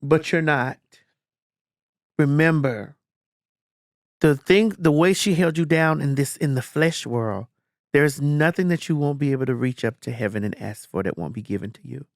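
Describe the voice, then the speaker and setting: A woman's voice: moderate pace, a little mellow, no echo, clean studio sound. A woman hosting a podcast in casual chat, blunt and emphatic, swearing freely. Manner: low and earnest when comforting. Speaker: podcast host.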